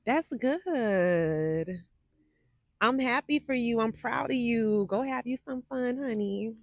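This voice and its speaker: A woman's voice: on the high side, animated, slow, a little mellow, dry recording. Sassy forties lady doing a psychic live stream, chatty, talks right to the chat, dry close mic sound. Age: 40s. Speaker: psychic livestream host. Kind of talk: casual livestream chat. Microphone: desk microphone.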